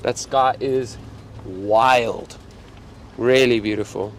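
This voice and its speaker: A man's voice: medium pitch, fairly even intonation, slow pace, a little hiss or hum. Chatty South African man in a safari vehicle. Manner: chatty, reads out viewer comments. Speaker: safari guide livestreaming. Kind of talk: casual live-stream chat. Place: open safari vehicle outdoors at dusk.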